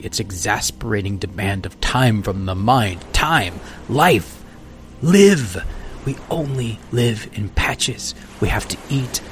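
A man voicing a weary, sleepless, despairing man in a storybook reading, speaking slowly and broodingly. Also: fairly low pitch, a little hiss or hum, close to an everyday voice. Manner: slow, weary, brooding speech.

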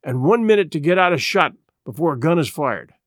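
Guy reading as a sly cheery one-legged pirate boss, salty bargaining talk, swingy lively voice, dry close sound. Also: fairly high pitch, a little fast, dry recording. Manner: hearty, wheedling, salty sailor talk. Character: crafty one-legged male pirate leader, bluff and cheery. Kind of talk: audiobook character reading.

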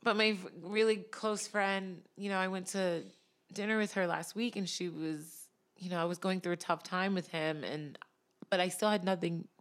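A woman guest on a podcast, telling a personal story in a tearful, halting way and laughing through the emotion. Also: on the low side, steady tone.

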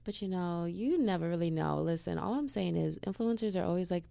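A woman's voice: on the low side, lively intonation, brisk, vocal fry, hardly any pauses, dark tone, a little hiss or hum. A young woman hosting a casual solo podcast, chatty and slangy, with lots of "like". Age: young adult. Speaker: podcast host.

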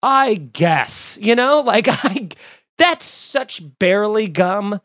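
Man spinning a casual funny anecdote, exasperated and animated, dry close recording. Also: high-pitched, slow, no echo. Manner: animated, exasperated, lots of fillers and restarts. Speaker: storyteller. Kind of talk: casual comedic storytelling.

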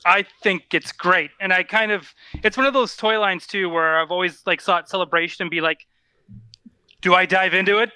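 A man's voice: high-pitched, fairly even intonation, brisk, few pauses, bright, forceful tone, clean tone, dry recording. A man in casual podcast chat, laid-back and loose, often saying "dude" and "like".

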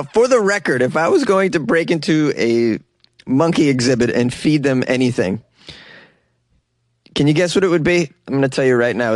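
A man's voice: on the high side, dry recording, studio quality. A man from the United States reading weird news stories aloud and mocking them with sarcasm, laughing often between lines. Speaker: news commentary host. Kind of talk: casual news commentary.

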